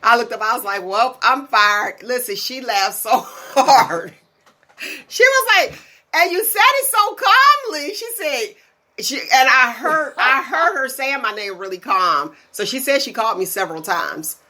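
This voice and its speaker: Woman, talk show host, bright forceful voice, animated storyteller, casual chat. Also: on the high side, a little slow. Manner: animated storyteller, laughs often. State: tired.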